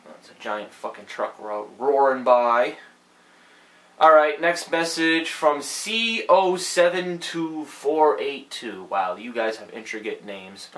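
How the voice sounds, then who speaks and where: A man's voice: medium pitch, expressive, slow pace, a bit bright. A man hosting his own channel who casually reads fan messages aloud, swears freely and stumbles over misspelled words. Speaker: channel host answering fan mail. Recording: roomy echo.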